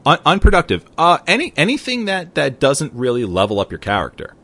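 Excitable podcast host with lively pitch. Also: male voice, a little fast. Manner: excitable, loose and chatty with mild swearing. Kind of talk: casual podcast chat.

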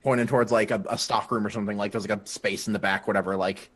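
A man's voice: on the low side, steady tone, fast, fairly bright tone. A man playing in a tabletop game, chatting casually and stammering through his lines. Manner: stammering, laughs often between lines. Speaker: player.

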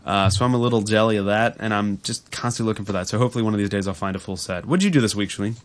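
A man co-hosting a casual podcast chat about a video game, relaxed and jokey, laughing often. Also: fairly low pitch, very fast. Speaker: podcast co-host.

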